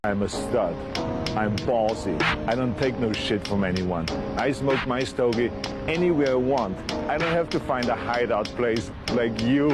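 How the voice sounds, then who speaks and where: A man playing a cocky, swaggering character who brags about himself, with loud music behind. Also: mid-range voice, measured pace, close to an everyday voice. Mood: boastful. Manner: brash and boastful.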